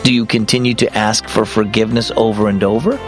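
A man hosting a children's devotional program, narrating a scripted story in an upbeat, expressive way. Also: fairly low pitch, fast talker, music in the background.

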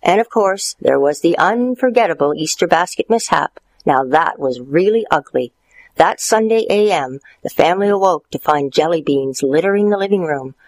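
A man narrating a storybook in a playful, expressive way, lifting his voice for the characters. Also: normal speed, dry recording, poor audio. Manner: playful, expressive, jumps higher for character quotes.

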